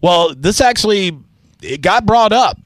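A man hosts a casual morning radio show, joking, teasing and loosely reading odd news stories. His voice is high-pitched and expressive, and he takes his time. The studio sound is clean with no echo.

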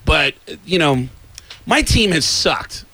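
A man who is a guest comedian, telling an animated comic story in an excitable way and now and then yelling as he acts it out. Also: fairly high pitch, takes it slowly, no echo. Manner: excitable, breaks into yelling and impressions.

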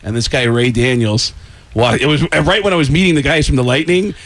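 A man, a stand-up comedian, telling a story in casual chat, animated and laughing through lines. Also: mid-range voice, a little fast, no room sound. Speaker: stand-up comedian and voice actor guest.

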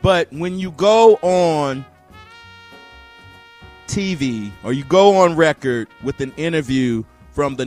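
A man hosting a radio show, telling stories in a casual, animated way and often mimicking other people. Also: fairly high pitch. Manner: animated storyteller, mimics voices, laughs often.

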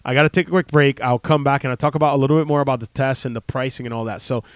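A man's voice: mid-range voice, steady tone, very fast, clean tone, no echo. A man in his thirties, a chiropractor hosting a radio talk show, speaking casually with many fillers and restarts into a close studio mic.

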